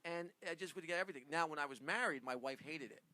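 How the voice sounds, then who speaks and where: A man's voice: a little high, fast, crowd noise. A man hosting a radio talk show, chatting casually with guests, laughing often and tripping over his own words. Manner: rambling, laughs often, stammers and repeats himself. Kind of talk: casual studio chat.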